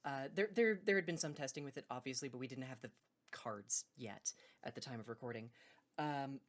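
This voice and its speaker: A woman who hosts card game videos and judges tournaments gives a casual, unscripted intro, rambling loosely, correcting herself mid-sentence and laughing between points. She is hiccuping, and her bass voice moves fairly quick.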